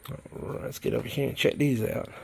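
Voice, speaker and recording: A man's voice: fairly quick, slight background noise. A man with a Southern US accent, chatting folksily to viewers in a rambling, casual way while tending his worm bins in a shed. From South Carolina, US. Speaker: worm farmer vlogger. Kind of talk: casual vlog chat while working. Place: garden shed.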